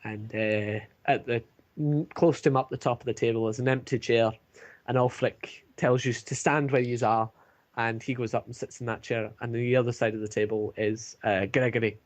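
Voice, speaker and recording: A man running a tabletop game as game master, narrating with many pauses and fillers. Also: mid-range voice, steady tone. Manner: hesitant, many fillers, laughs at own jokes.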